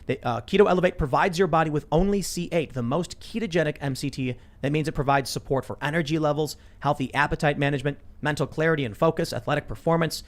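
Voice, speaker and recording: A man's voice: fairly high pitch, fast, few pauses. A man hosting a casual political talk show from a studio, rambling with lots of restarts and repeated words. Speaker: show host. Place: podcast studio.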